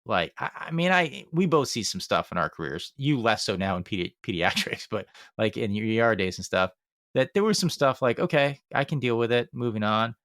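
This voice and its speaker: A man's voice: medium pitch, animated, fairly quick, a bit bright, dry recording, studio quality. A man hosting a podcast, chatty and reactive, with lots of fillers, who wraps up the show. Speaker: podcast host. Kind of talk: casual chat and show outro.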